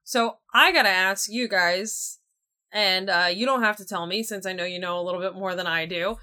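A woman co-hosting a casual chat, rambling and animated, with many fillers. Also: medium pitch, normal speed. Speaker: podcast co-host.

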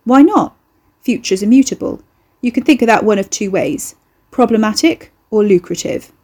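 A woman's voice: a little high, animated, moderate pace, darkish tone. A woman doing a cocky monster lad. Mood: breezy. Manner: breezy, slangy, boastful. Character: cocky young male eldritch horror, casually murderous.

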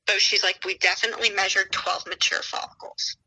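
Bright, gravelly-voiced woman telling her story. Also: mid-range voice, fairly even intonation, fairly quick, slight background noise, rough recording. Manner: chatty, retells dialogue with many "she's like". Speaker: guest sharing her fertility story. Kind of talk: casual storytelling.

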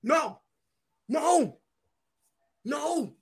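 A young man hosting a podcast, telling a long story in casual chat, swinging from low mumbles to loud shouts. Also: animated, drawn-out words, vocal fry. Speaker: podcast host.

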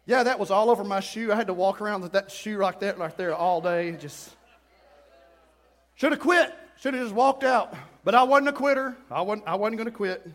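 Male preacher, high voice, middle-aged, animated storytelling, bursts of acted-out quotes. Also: moderate pace. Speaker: pastor. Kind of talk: sermon.

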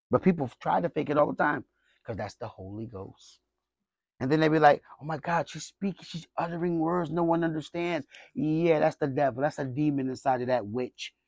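A male pastor delivers a sermon, moving between scripture reading and emphatic, conversational explanation. His voice sits high and carries a gravelly edge. The sound is dry and close, with no room around it. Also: no echo, low-quality recording. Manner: emphatic, conversational preaching with repeated rhetorical questions.

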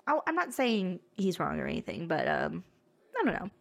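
A woman's voice: on the low side, huge pitch swings, normal speed, vocal fry. Woman co-host, casual chat, hesitant, trails off, laughs a lot. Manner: hesitant, trails off with "I don't know", laughs often. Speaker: podcast co-host. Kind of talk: casual movie review chat.

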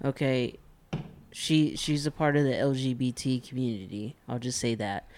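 A man's voice: mid-range voice, normal speed, darkish tone, slight background noise. A man on a casual podcast, blunt and joking. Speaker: podcast co-host.

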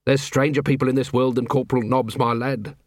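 Male narrator as a gruff tired captain, testy, dry delivery, close sound. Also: medium pitch, level tone, fairly quick, no room sound, close to an everyday voice.

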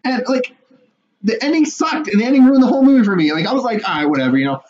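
A young man co-hosting a podcast in casual chat, animated and swearing a lot, laughing often. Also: very high voice, fast talker. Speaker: podcast co-host. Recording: muffled lo-fi audio with faint noise.

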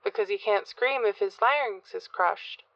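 A woman's voice: mid-range voice, normal speed, a bit bright, no room sound, highs cut off, natural voice. A woman narrator voicing a psychopathic man who coaxes others eagerly and with relish. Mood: intense. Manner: eager and coaxing. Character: gleeful psychopathic man Rich.

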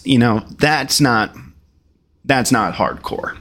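Male podcast host, profane and sarcastic, very lively pitch. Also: takes it slowly. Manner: blunt, profane, mocking; mimics rappers in a high voice. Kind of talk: casual commentary reacting to clips.

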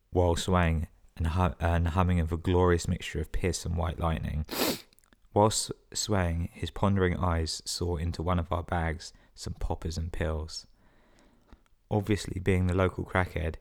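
Deep-voiced sweary podcast host. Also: male voice, gravelly, darkish tone. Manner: sweary, sarcastic running commentary. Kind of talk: reading listener emails with comic asides.

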